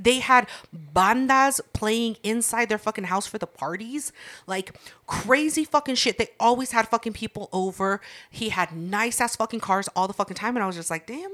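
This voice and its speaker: Woman cussing her way through a story on a chill podcast, does all the voices. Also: mid-range voice. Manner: profane, animated, acts out voices. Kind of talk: casual storytelling chat.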